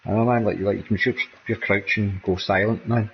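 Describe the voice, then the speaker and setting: Scottish man, low voice, rambling casual gameplay chat, dull lo-fi recording. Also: fairly even intonation, brisk, vocal fry, a little hiss or hum. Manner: rambling, peppers every sentence with "man" and "mate". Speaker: gameplay streamer.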